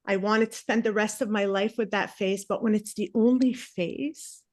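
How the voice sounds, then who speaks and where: A woman performs stand-up comedy on a stage in front of a live crowd. Her voice sits at a middle pitch, and she talks in a chatty, self-mocking way with animated asides. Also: normal speed, no room sound, clean studio sound. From Palestinian family.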